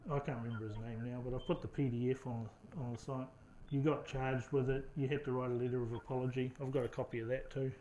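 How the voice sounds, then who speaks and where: A man's voice: mid-range voice, little pitch movement, quick pace, mellow, dull audio, a little hiss or hum. A man interviewing someone in a confrontational way, pressing his points persistently.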